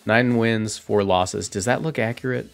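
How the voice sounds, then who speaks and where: A man giving casual, chatty commentary on his own competitive matches from a home streaming setup, often correcting himself and reacting out loud. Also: on the low side, moderate pace, vocal fry, faint music behind.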